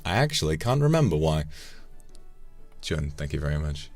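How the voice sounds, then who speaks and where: A male streamer with an extremely low, deep voice talks casually on a live stream. He muses out loud and stops to thank viewers by name. Soft music plays faintly behind him. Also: very animated, normal speed, pauses often, dry recording. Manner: reflective, thanks viewers by name between musings. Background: faint background music.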